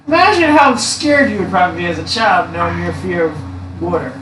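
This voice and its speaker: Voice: medium pitch, animated, brisk, a bit bright. A speaker chatting casually, explaining things in long, rambling, swearing asides. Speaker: co-host. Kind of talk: casual chat. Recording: echoey room, far from mic, noisy.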